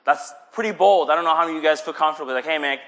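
Animated young man preaching casually. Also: a little high, rapid-fire. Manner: animated, acts out voices in quotes. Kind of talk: casual sermon.

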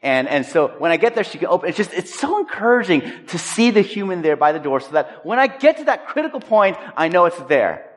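Pastor preaching in an echoey hall. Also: male voice, a little high, animated, fairly quick. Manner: conversational, acts out anecdotes. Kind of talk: sermon.

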